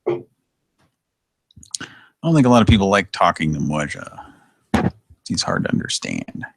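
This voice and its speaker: A man hosting a show in casual chat, relaxed, laughing easily and trailing off. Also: deep voice, unhurried, vocal fry. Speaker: show host.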